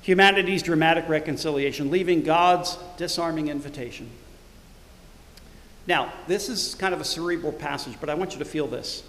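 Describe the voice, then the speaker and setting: A middle-aged man, the church's pastor, preaching a sermon; he swells loudly on scripture verses and drops to quiet, conversational asides. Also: fairly high pitch, normal speed, roomy sound, long reverb tail. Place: church sanctuary.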